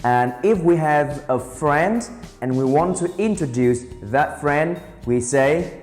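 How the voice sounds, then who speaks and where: A man teaching beginner English, speaking slowly and carefully and repeating each phrase for drilling. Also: medium pitch, lively intonation. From Vietnam. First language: Vietnamese. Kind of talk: beginner language lesson. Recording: roomy reverberant sound with soft guitar music.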